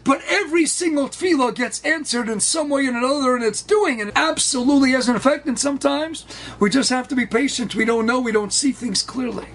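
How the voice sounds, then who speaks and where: High-pitched animated storytelling rabbi. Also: male voice, fairly quick. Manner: lively, acts out children's voices, sprinkles Hebrew and Yiddish terms.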